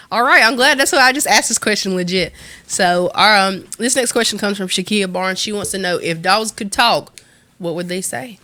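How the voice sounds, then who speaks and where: A woman's voice: medium pitch, normal speed, pushed and bright. A woman co-hosting a casual livestream chat, talking in a playful, joking way. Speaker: co-host.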